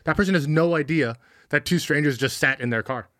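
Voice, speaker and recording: A man hosts a casual podcast, trading jokes and telling animated stories. His voice sits fairly high. The sound is dry and close, with no room echo. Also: brisk. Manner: jokey, animated storyteller. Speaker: podcast host. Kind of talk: casual chat.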